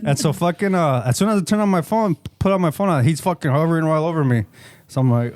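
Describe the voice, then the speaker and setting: A man's voice: a little high, fast, a little mellow, no echo. A middle-aged man, co-hosting a podcast, telling a long story in a casual, profane, rambling way and slipping into Spanish. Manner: swears often, code-switches into Spanish, rambling storyteller. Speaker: podcast co-host.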